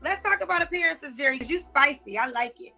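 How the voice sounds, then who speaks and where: A woman's voice: high-pitched, animated, fast talker, vocal fry, pushed and bright, soft background music. A woman hosting a talk show, asking incredulous, probing questions.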